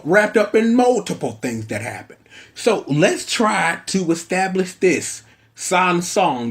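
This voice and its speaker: Brash animated male show reviewer. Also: on the high side. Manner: riffing, brash, slangy. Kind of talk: casual episode review commentary.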